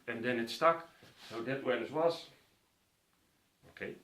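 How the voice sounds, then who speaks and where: A man's voice: medium pitch, a little slow, fairly bright tone. A man vividly telling a personal story to an audience, acting out the voices of others. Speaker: speaker. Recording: roomy echo.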